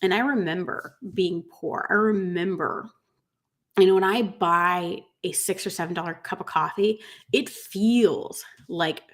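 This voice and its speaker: A woman's voice: fairly low pitch, a little slow. A middle-aged woman business coach talking live to her viewers, rambling with many fillers, emotional and close to tears. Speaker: business coach for pet groomers. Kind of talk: live-streamed coaching talk.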